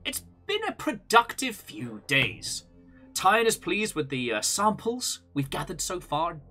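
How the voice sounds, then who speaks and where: A man's voice: high voice, wildly swooping pitch, measured pace, sharp tone, soft background music, voice pushed up, exaggerated voice. A man doing a mock-British researcher reading a log. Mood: reporting. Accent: put-on British. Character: adult male expedition researcher reading a log.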